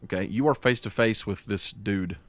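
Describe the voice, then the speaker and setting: Male game master, lowish voice, unhurried scene narration. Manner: slows down for dramatic scene narration.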